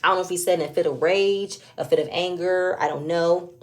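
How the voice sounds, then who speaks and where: A woman's voice: lowish voice, steady tone, fairly quick. A woman giving a casual, opinionated recap of a reality show, often rising into emphatic outbursts.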